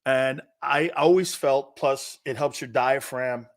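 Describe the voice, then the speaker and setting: A man hosting a sports talk show, telling rambling, animated stories with many restarts while standing. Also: mid-range voice, takes it slowly. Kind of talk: casual sports talk banter.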